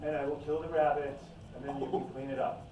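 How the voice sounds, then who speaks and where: A man improvising a comedy scene, playing it with a sly, deadpan menace. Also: on the high side, fast talker. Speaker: improv performer. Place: live improv stage. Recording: echoey room from a distant mic with noise.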